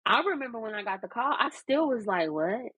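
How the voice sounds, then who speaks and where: A woman's voice: fairly high pitch, very animated, a little fast, a bit bright, husky, dry recording, poor audio. A woman co-hosting a podcast, telling personal stories in a candid, heartfelt casual chat, full of fillers like "um" and "like". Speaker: podcast co-host.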